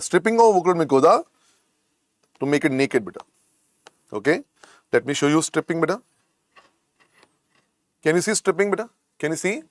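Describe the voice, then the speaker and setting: A man's voice: on the high side, dry recording. A middle-aged man with an Indian accent teaching a medical exam class, repeating key points and coaxing students as "beta". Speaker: medical lecturer. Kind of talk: exam coaching lecture.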